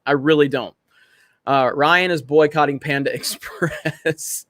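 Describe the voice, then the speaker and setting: Male streamer, fairly high voice, dry close sound, casual chat-reading host. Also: slow pace, fairly bright tone, dry recording. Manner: reads viewer comments aloud, laughs often, swears freely. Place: home in Florida.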